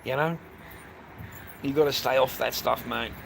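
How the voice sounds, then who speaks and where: A man's voice: mid-range voice, steady tone, unhurried, vocal fry. Rambling Australian man by a busy road. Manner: rambling, swears, says "mate" constantly. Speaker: live streamer. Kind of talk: casual live-stream chat. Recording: noisy outdoor traffic.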